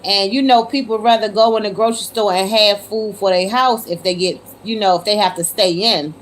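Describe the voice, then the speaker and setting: A woman's voice: medium pitch, fairly even intonation, fairly quick. A woman hosting a casual livestream from her phone, chatting with viewers and calling them y'all, given to disbelieving exclamations. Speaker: livestream host. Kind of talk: casual live chat with viewers.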